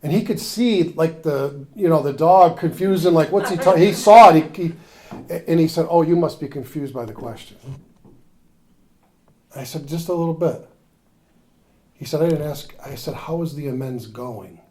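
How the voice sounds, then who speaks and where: A man's voice: fairly high pitch, moderate pace. A man speaking at a recovery workshop, telling his story in a confessional way and acting out the conversations in it. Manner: confessional, drops to a near whisper in tender moments; animated when acting out conversations.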